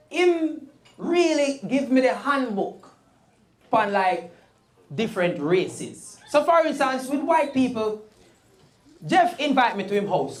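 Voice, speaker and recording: A Jamaican woman doing animated stand-up storytelling in patois on a comedy stage. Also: high-pitched. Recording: live crowd laughing.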